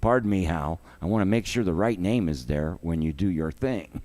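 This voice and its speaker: A man's voice: sits low, expressive, normal speed, darkish tone. A man hosting a charity livestream, talking emotionally and expressively to his viewers.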